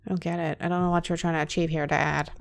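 A woman's voice: sits low, little pitch movement, fast, vocal fry. A woman giving foul-mouthed, joking commentary while playing a horror game. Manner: profane, jumpy and joking. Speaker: let's play gamer.

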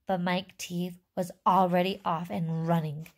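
Slow, expressive woman teacher reading aloud. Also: lowish voice. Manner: warm, expressive, questioning the class. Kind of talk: reading a chapter book aloud to children.

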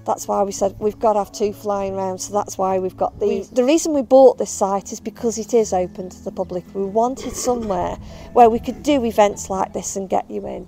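Gravelly woman chatting about owls. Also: medium pitch, moderate pace, few pauses, warm tone, faint music behind. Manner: chatty, affectionate with the birds. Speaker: bird of prey handler. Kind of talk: casual video update. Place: outdoors at a bird of prey centre.

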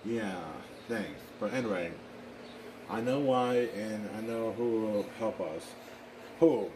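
A man improvising a fan drama, talking in a rambling, halting way with excitable exclamations. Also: lowish voice, noisy background. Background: music.

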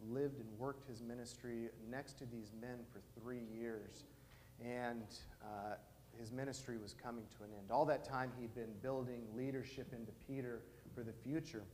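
A man's voice: medium pitch, a little hiss or hum. A pastor, a man in his thirties, preaching a sermon as a casual retelling, acting out dialogue with many fillers. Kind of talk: sermon storytelling. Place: church sanctuary. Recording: long church reverb, faint ambience.

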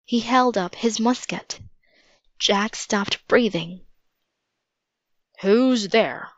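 Slow, steady woman reading a storybook. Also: fairly high pitch, dry recording. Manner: steady, measured narration. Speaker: storybook reader. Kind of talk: children's book read-aloud. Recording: dull lo-fi recording.

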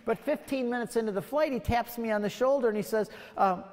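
A male guest speaker giving an evangelistic lecture to students, telling stories in an animated, emphatic way in a university lecture hall. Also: very high voice, brisk, hardly any pauses. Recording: long reverb in a large hall.

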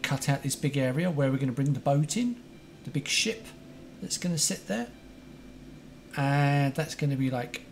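An excitable, chatty man livestreaming a game, greeting viewers by name. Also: medium pitch. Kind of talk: casual live-stream chat. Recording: faint music behind.

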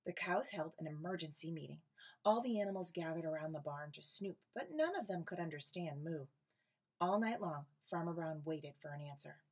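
Expressive woman teacher reading a picture book aloud. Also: sits low, moderate pace. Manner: expressive, animated storytelling with asides to young students. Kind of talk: read-aloud storytime for children.

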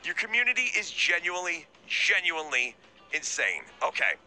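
A man game streamer on a live stream, excitable and astonished, swearing a lot as he addresses his chat. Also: fairly high pitch, moderate pace, soft background music.

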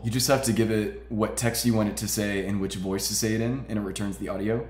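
Low-voiced man explaining a tech tutorial. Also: roomy sound. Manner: relaxed explaining with frequent "uh" and "all right". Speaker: tutorial host. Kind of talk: casual screen-recorded tech tutorial.

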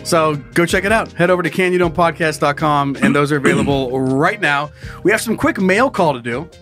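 A man hosting a casual comedy podcast, loud and laughing, breaking into shouted goofy bits. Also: on the high side, a little fast, faint music behind. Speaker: podcast host.

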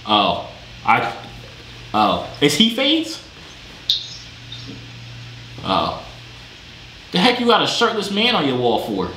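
A man chatting with strangers on a video chat, loud, joking and slangy, in a gaming room. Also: fairly high pitch, wildly swooping pitch, slow pace, long pauses. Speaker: vlogger chatting with strangers online. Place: gaming room with sound panels. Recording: echoey room, faint background noise.

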